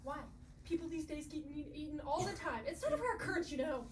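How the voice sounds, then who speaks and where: A woman's voice: high voice, animated, fast, a little hiss or hum. A woman playing a timid, melodramatic young cave woman on a live stage, whining and panicking. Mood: panicky. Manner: whiny, panicky, over-dramatic. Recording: roomy theatre heard from far off.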